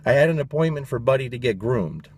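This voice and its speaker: A man's voice: mid-range voice, lively intonation, fast, a little mellow, slight background noise. A man, a dog trainer, giving his opinions in a blunt, emphatic casual monologue, swearing freely.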